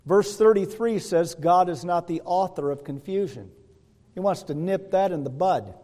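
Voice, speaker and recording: A man's voice: high voice, moderate pace, mellow. A male pastor preaching a sermon in a folksy way, often checking in with the congregation. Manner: folksy, asks the congregation "Hello?". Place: church sanctuary. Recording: long hall reverb.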